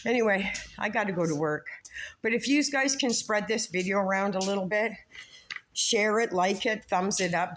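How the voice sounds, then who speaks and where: A woman's voice: fairly low pitch, a little hiss or hum. A woman in her fifties, a drywaller vlogging from an indoor unit of a building site on her phone, pleading and repeating her points for emphasis. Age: 50s. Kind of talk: heartfelt personal vlog appeal.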